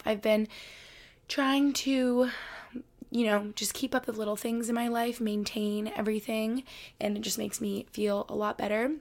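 A woman's voice: fairly high pitch, creaky. A woman in her twenties from Albany, New York, hosting a casual solo podcast from her bedroom floor, chatty and rambling with lots of "like". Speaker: podcast host.

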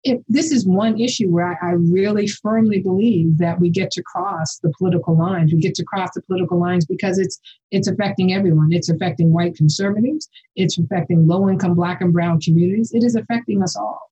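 A woman professor speaking as a guest in a casual podcast conversation, impassioned and forceful. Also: lowish voice, a little fast, breathy edge, highs cut off.

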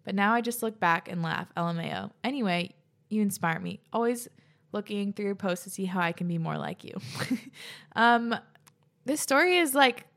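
A woman's voice: mid-range voice, lively intonation, moderate pace, fairly bright tone. Young woman host, reads out stories n laughs a lot, swears casually, chatty. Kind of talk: reading and reacting to listener stories.

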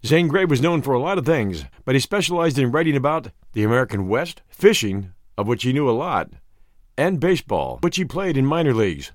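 A man hosting and narrating a classic short story audiobook with clear, expressive reading. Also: medium pitch, fairly quick, no echo, clean studio sound.

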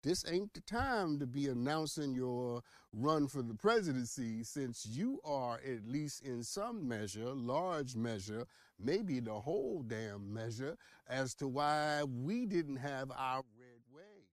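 A man hosting a podcast, giving playful, teasing commentary on headlines with dramatic swings in loudness. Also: mid-range voice, big pitch swings, slow, dry recording. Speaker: podcast host. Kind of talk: casual political commentary.

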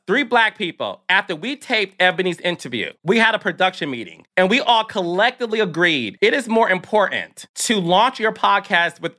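Podcast host, male, sassy and emphatic, bright forward tone. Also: high voice. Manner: emphatic, sassy, says "child" a lot. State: emotional, near tears. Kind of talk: casual commentary monologue.

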